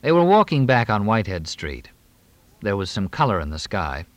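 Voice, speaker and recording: Guy reading a novel aloud, measured, low-ish, really animated pitch. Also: dry recording. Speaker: audiobook narrator. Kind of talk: scripted narration.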